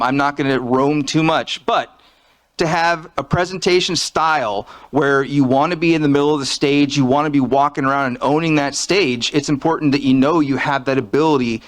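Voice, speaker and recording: A man's voice: on the high side, brisk. Chatty man giving a conference talk. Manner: casual, joking, chatty. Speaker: conference speaker. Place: conference stage behind a podium. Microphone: fixed podium microphone.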